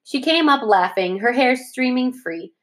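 A woman teacher reading a chapter book aloud to her class, in a steady, plain way that stops to correct its own slips. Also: high-pitched, measured pace.

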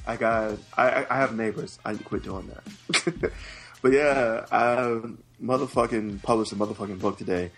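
A man co-hosting a podcast in casual chat, telling stories in a profane, excitable way. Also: mid-range voice, normal speed, faint music behind. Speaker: podcast co-host.

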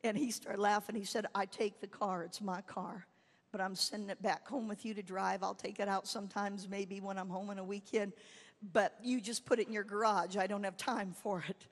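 Animated woman evangelist in a reverberant hall. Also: mid-range voice, moderate pace. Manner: animated storytelling, swings from quiet to shouting. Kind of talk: sermon. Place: church camp meeting hall.

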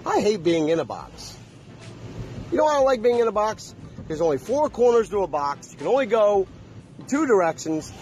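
A man's voice: sits high, darkish tone, a little hiss or hum. A man talking straight to his viewers in a casual, emphatic monologue, repeating himself and throwing questions at the audience. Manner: emphatic, repetitive, preachy, asks the audience questions. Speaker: vlogger.

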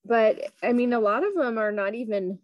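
A young adult woman co-hosting a podcast, reminiscing in a lively way. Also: on the high side, normal speed, no room sound, highs cut off. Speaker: podcast co-host. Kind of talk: casual family podcast chat.

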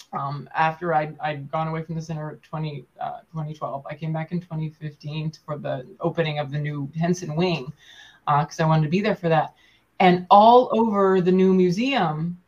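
A woman's voice: on the low side, lo-fi sound. A woman puppeteer talking casually in an interview, full of fillers and restarts. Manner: chatty, with many fillers and restarts. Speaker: puppeteer guest.

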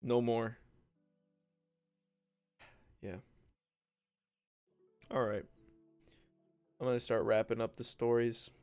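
A young podcast host spins loose, joking stories about school, throwing in "bro" and playing the people he talks about. His voice is smooth with a gravelly fry. Soft music plays faintly behind him. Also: medium pitch, flat delivery, slow, long pauses, dry recording. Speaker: podcast host and content creator. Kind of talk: casual solo podcast storytelling.

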